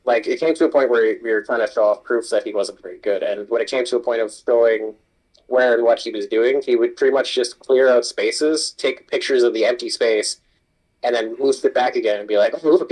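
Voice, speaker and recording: A man's voice: mid-range voice, normal speed, poor audio. Swearing man telling a work story. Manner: swears a lot, animated storytelling. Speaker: kitchen supervisor. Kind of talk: casual chat while gaming.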